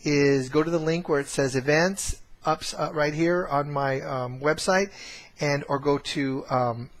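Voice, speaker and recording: A man's voice: a little high, a little slow. Man rambling through a family story. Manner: rambling, many fillers and restarts. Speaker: course trainer. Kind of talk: casual storytelling to camera.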